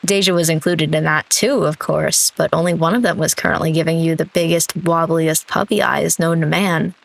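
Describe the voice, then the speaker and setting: A woman streamer narrating a story game out loud in a lowish, relaxed voice. She reads the prose steadily and breaks off for playful, chatty comments of her own. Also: normal speed, creaky, poor audio. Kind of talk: reading a story game aloud.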